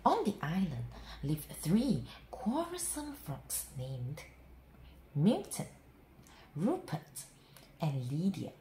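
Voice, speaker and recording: A woman reading a children's bedtime story aloud in an expressive, sing-song way. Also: on the low side, slow pace, echoey room, slight background noise, rough recording.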